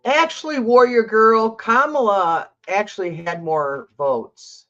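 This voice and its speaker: A woman's voice: mid-range voice, takes it slowly, fairly bright tone, highs cut off. An older woman hosting a tarot livestream, chatting casually, reading out viewer comments and talking to her cat.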